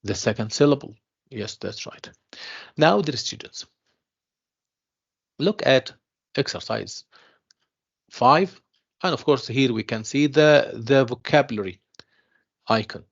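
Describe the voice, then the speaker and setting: A man teaching an English pronunciation class online, speaking slowly and repeating himself, mixing in explanations. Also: medium pitch, animated, creaky. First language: Arabic. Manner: slow, repeats himself, calls students "dear students", mixes in Arabic explanations. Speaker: university English tutor. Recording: dull lo-fi online class audio.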